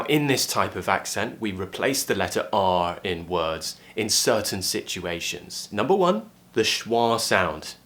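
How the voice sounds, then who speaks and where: Man, young adult, low voice, clear teaching delivery, pronunciation lesson. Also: fairly bright tone. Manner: clear, explanatory, repeats sounds slowly for learners.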